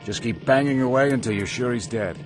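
A man's voice: medium pitch, fairly quick, music in the background, pitched above the performer's own voice, lightly acted. A man narrating an audiobook, voicing a hard-bitten male gunfighter who speaks bluntly and urgently. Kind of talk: audiobook character voice.

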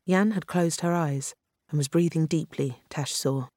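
An audiobook narrator reading a thriller in a measured, even way. The voice sits at a middle pitch. The recording is dry and close, with no room sound. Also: dry recording. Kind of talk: scripted narration.

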